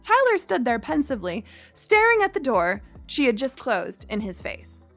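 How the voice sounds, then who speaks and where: A woman's voice: high voice, huge pitch swings, moderate pace, a bit bright, soft background music. A woman reading a first-person story aloud, acting out the dialogue. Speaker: narrator.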